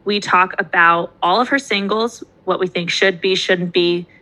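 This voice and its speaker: Young woman, podcast co-host, casual chat, bright tone, upbeat, chatty. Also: lowish voice, steady tone, moderate pace, low-quality recording. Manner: upbeat, chatty, laughs easily.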